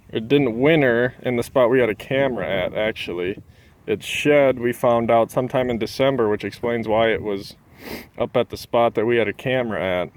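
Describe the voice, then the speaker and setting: Man, outdoor vlogger, flat monotone delivery, mid-range pitch, faint outdoor noise behind him. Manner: calls his own voice monotone. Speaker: shed hunting vlogger. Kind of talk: casual outdoor vlog narration. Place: outdoors in rural country, walking back to a truck.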